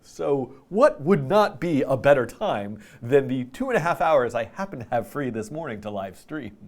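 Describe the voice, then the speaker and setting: A man's voice: mid-range voice, very animated, normal speed. A middle-aged man hosting a live stream in casual chat, playful and rambling, tired and a little out of breath. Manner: playful, rambling, self-deprecating. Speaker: host.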